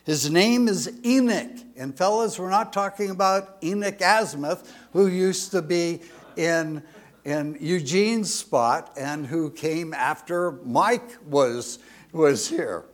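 A man's voice: a little high, slow. An older man in his sixties preaching a folksy sermon, chatty and rambling, with jokes and asides.

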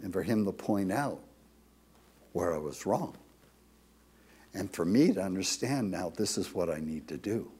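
Slow, husky man preaching. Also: deep voice, animated. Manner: slow, emphatic preaching, dropping to soft confession. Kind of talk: sermon.

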